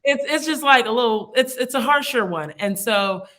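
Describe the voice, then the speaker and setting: A woman's voice: a little high, animated, normal speed, pushed and bright. A young woman from the United States, a guest in a casual interview, talking in a chatty, reflective way with frequent laughs and fillers.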